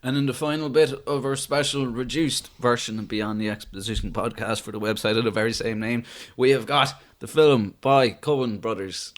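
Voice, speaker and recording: A man's voice: mid-range voice, fairly even intonation. A man with a Cork Irish accent, co-hosting a casual film review podcast with teasing, joking remarks. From Ireland. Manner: joking, teasing, quick comebacks. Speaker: podcast co-host.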